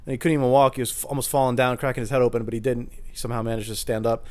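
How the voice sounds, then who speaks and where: A man's voice: mid-range voice, level tone, very fast, hardly any pauses, a little mellow. A man rambling alone for his podcast at home in the kitchen, casual, profane and self-deprecating. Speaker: podcast host. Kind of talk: solo rambling monologue.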